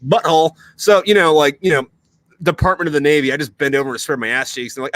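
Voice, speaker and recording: A man's voice: on the high side, fairly even intonation, fast talker, fairly bright tone. A young man hosting a podcast, telling crude stories in casual chat, swearing often and full of fillers. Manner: profane, storytelling, lots of fillers. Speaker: podcast host.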